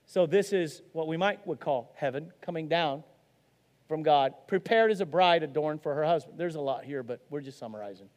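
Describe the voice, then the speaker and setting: Earnest pastor preaching in a hall. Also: male voice, on the high side, normal speed, darkish tone. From Arkansas. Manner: earnest and conversational, with many restarts and rising emphasis on key lines. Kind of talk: sermon.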